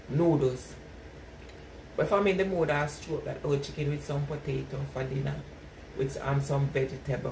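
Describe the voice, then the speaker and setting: A middle-aged woman with a Jamaican patois accent, chatting casually with live viewers and laughing often. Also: low-pitched. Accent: Jamaican patois mix. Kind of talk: casual live-stream chat. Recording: echoey, distant mic with loud background noise.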